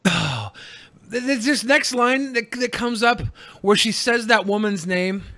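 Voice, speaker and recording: Sarcastic high-voiced male co-host. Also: animated, a little slow, pushed and bright, a little hiss or hum. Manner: sarcastic, joking. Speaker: podcast co-host. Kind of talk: casual podcast banter.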